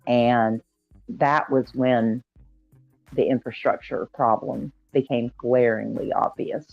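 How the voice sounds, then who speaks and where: A man from Georgia explaining things in a calm, measured way during a casual call-in chat. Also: mid-range voice, creaky, no room sound, muffled recording, soft background music.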